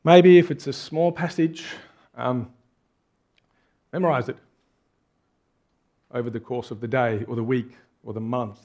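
A man's voice: medium pitch, fairly even intonation, measured pace, pauses often, warm tone. A man preaching a conversational sermon, earnest and full of rhetorical questions. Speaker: pastor.

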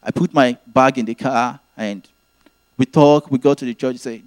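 A man's voice: mid-range voice, fairly even intonation, normal speed, dry recording. A man preaching a sermon, teaching earnestly and repeating his key phrases.

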